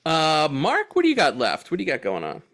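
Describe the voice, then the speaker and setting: Man, podcast co-host, casual movie chat, animated storytelling, profane. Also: a little high, fairly quick.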